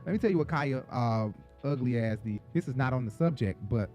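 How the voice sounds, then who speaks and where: A man's voice: mid-range voice, fairly quick, soft background music. Sassy man dishing celebrity gossip. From Atlanta. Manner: animated storytelling, profane and sassy. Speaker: show host. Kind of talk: casual gossip commentary.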